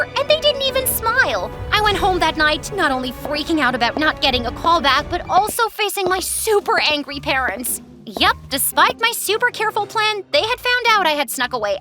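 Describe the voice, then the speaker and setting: A young woman narrating her animated life story in a bubbly, chatty first-person voice, with music underneath. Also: high-pitched, moderate pace.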